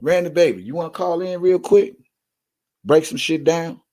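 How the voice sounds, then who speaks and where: A brash man, hosting an online show and talking profanely and loudly to his viewers. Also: fairly high pitch, normal speed. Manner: brash, loud, profane, repeatedly urging likes.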